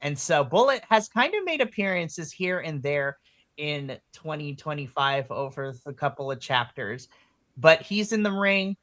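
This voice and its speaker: A woman co-hosting a podcast, recapping wrestling in casual, excitable chat that swings into loud, animated retellings. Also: low voice, no echo. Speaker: podcast co-host.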